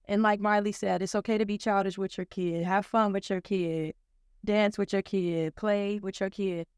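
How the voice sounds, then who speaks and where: A woman's voice: mid-range voice, normal speed, smooth, dry recording, clean studio sound. Chatty woman podcast host from Ohio. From Cincinnati, Ohio. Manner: chatty, laughs often, animated quoting. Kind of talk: casual chat between moms.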